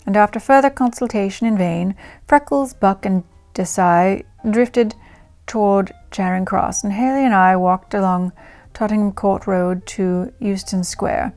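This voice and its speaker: A young English art student from the 1920s reads her diary entries aloud, as a woman puts her on. The English accent is put on and the voice is pushed lower than usual, at a middle pitch, with faint music behind. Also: unhurried, darkish tone, natural voice. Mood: lively. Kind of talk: diary reading in character.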